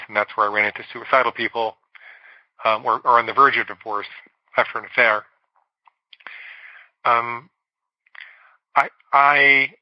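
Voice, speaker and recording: A middle-aged man speaks candidly about his own past, leaning on key words and slowing down to stress them. His voice sits in an ordinary middle pitch. The room is dry and close, and the sound is a little dull. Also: no room sound. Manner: candid, confessional storytelling with slow emphatic stretches. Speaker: guest psychologist. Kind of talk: storytelling in a podcast interview.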